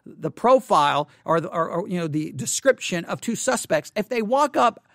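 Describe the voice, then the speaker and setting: This Christian video channel host has a high-pitched, fairly bright voice with lively intonation and a moderate pace. He retells a personal story with impassioned indignation and quoted dialogue, in studio-quality audio with no room sound.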